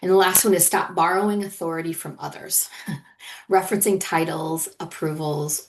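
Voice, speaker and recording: A woman's voice: low-pitched, steady tone, unhurried. A middle-aged woman, a leadership coach and podcast host, teaching in an earnest, encouraging conversational monologue and often checking in with "right?".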